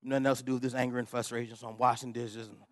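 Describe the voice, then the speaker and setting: A man's voice: medium pitch, level tone, rapid-fire, no room sound, clean studio sound. A middle-aged man preaching a sermon, telling a personal story in a humorous, conversational way and laughing often. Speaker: pastor.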